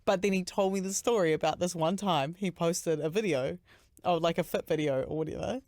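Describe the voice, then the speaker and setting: A man's voice: high-pitched, brisk, darkish tone, dry recording. Chatty young New man, dry studio. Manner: chatty storyteller, heavy use of "like". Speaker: podcast host. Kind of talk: casual chat.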